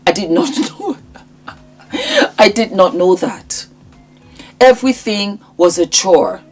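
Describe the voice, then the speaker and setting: A woman's voice: medium pitch, expressive, slow, faint music behind. A woman in her fifties talking straight to her viewers in a vlog, emphatic and fond of repeating her phrases for effect. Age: 50s. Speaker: lifestyle YouTuber. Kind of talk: direct-to-camera vlog chat.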